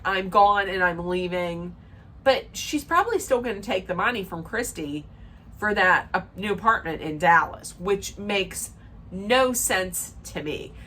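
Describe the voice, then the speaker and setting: A woman's voice: mid-range voice, sharp tone. A woman giving a chatty, opinionated recap rant, emphatic and rambling with sarcastic asides. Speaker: reality TV recap vlogger.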